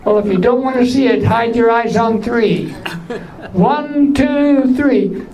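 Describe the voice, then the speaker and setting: A man doing stand-up comedy in a small theater with a weak, high voice from voice surgery. He teases the audience with innuendo. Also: moderate pace, a little mellow, poor audio. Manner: teasing banter with the audience, full of innuendo. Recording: live show with audience laughter.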